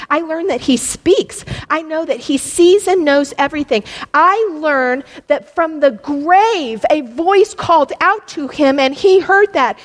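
A middle-aged woman teaching a Bible lesson in a church hall, impassioned and pressing her points, rising almost to a yell. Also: high voice. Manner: impassioned, rising to near-yelling at peaks. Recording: long hall reverb.

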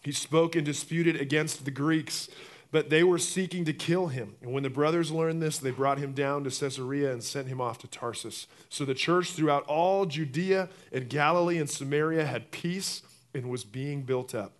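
A male pastor with a fairly high voice preaches a sermon at a moderate pace, acting out the story with lively voices. He swings between loud bursts and quiet, intimate appeals.

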